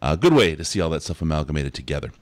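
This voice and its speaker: A man hosting a live sports podcast, running through announcements in an upbeat, animated way. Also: a bass voice, very fast, no echo. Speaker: podcast host.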